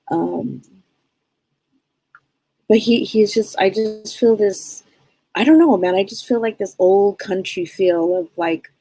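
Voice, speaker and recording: A woman giving a psychic reading on a live stream, talking in a rambling, halting way with many restarts. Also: on the low side, mellow, husky, no echo. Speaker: psychic medium.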